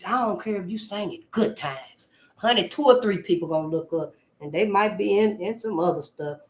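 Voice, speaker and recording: A woman from Memphis, hosting a casual, animated monologue, calling listeners honey and swearing freely. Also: medium pitch, normal speed. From Memphis, Tennessee. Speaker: channel host.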